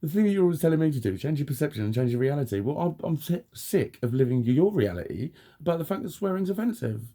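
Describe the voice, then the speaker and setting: Man, husky dark voice, angry rant, heavy swearing, blunt. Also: on the high side, very animated, quick pace. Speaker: vlogger.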